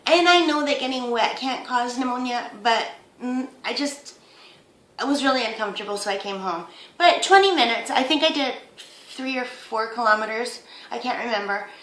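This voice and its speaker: A woman's voice: a little high, moderate pace, fairly bright tone, reverberant, low-quality recording. A woman in her fifties chatting casually to camera at home as a vlogger, rambling through her week in an easy, talkative way. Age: 50s.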